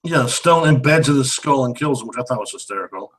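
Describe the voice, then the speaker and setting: A man chats casually about a movie he finds ridiculous. He sounds amused and rambles, often restarting his sentences. His pitch sits in a middle range. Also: lively intonation, fast, a bit bright, husky, poor audio. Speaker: movie review co-host. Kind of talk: casual chat.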